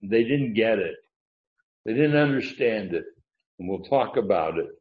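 A man's voice: fairly low pitch, expressive. Man preaching in an echoey room. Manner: teaching with emphatic pauses, frequent "uh" fillers. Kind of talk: sermon. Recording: dull, echoey room sound.

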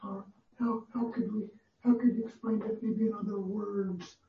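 A class member asks a question in a hesitant, halting way. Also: mid-range voice, steady tone. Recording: distant, roomy, muffled, faint noise.

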